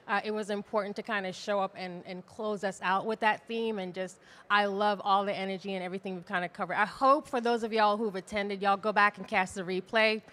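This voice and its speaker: A woman's voice: mid-range voice, a bit bright. A woman guest answering interview questions on a conference stage, chatty and enthusiastic. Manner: enthusiastic, chatty, cheering asides.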